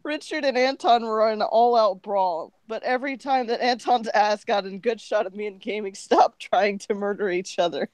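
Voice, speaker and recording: A woman's voice: medium pitch, moderate pace, few pauses, a little mellow, clean tone, dry recording. A woman co-hosting a podcast, reading crude fan fiction aloud for laughs and giggling through it. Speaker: podcast co-host.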